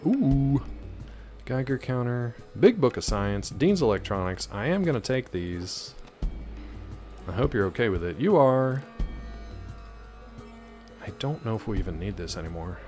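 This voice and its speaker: A man's voice: medium pitch, very animated, a little slow, pauses often, darkish tone, faint music behind. A man casually commenting while playing a game, rambling through a story with lots of fillers. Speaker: gaming streamer. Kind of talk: casual let's-play commentary.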